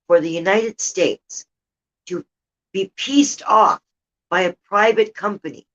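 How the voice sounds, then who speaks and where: A woman's voice: on the low side, highs cut off. An older woman hosting a rambling, casual livestream chat from home, sometimes indignant. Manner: chatty, rambling, indignant about politics. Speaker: livestream host. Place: home room with a heater running.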